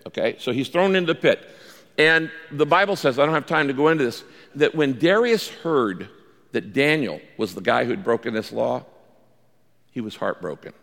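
A man preaching a sermon as the pastor, animated and acting out the voices in the story he tells. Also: moderate pace, creaky. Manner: animated preacher, acts out quoted lines with big pitch jumps. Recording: long reverb of a large hall.

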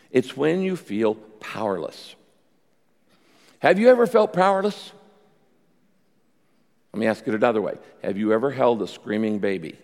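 A pastor delivering a sermon, preaching emphatically with sudden rises in pitch and loudness. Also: male voice, gravelly. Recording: long reverb of a large hall.

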